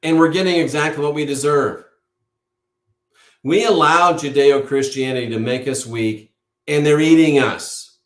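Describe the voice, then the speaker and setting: This online show host speaks at a moderate pace in a voice on the high side. Before a live audience he gives an impassioned monologue, emphatic and preachy, stating things as certain and hammering key words through repetition. A roomy echo colors the recording.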